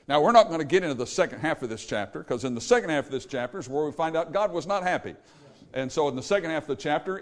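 Blunt folksy preacher man. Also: mid-range voice. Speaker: pastor. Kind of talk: sermon.

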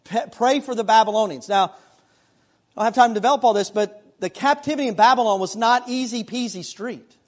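A middle-aged man preaching from the pulpit with a fairly high voice. He moves between scripture and personal stories, keeping an easy, conversational feel. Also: fairly quick. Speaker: pastor. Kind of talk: sermon.

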